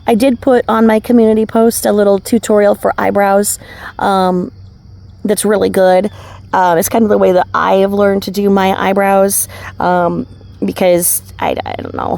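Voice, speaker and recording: Gravelly-voiced woman rambling outdoors. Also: fairly low pitch, dark tone. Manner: rambling, chatty, many fillers and asides. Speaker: vlogger. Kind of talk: casual rambling vlog narration. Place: outdoors by a remote river.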